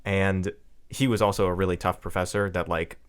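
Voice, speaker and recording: Lower-voiced young man telling stories. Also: moderate pace, smooth. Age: young adult. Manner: animated storyteller who laughs often. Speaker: podcast co-host. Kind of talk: casual podcast chat.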